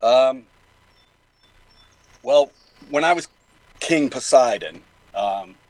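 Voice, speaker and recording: A man's voice: medium pitch, expressive, extremely slow, a little mellow, dry recording, poor audio. An older man with a Boston accent, talking at length as a guest in a casual interview, rambling with many fillers and restarts. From New England.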